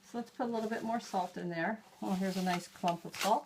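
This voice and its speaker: A middle-aged woman at a middle pitch talks through a hands-on demonstration, chatty and homey as she explains each step while working. A faint noise sits under her voice. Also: a little fast. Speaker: host.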